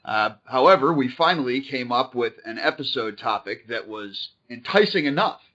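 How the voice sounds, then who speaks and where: A man hosting a podcast, talking in a brash, profane, animated way and opening with a scripted intro. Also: medium pitch, moderate pace. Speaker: podcast host. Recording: dull lo-fi call audio.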